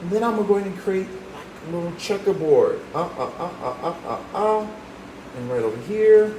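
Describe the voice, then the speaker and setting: A man's voice: high-pitched, expressive, normal speed, noisy background. A man teaching a drawing lesson, talking the viewer through each step with encouragement. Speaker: art teacher. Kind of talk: drawing demonstration. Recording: roomy echo, faint ambience.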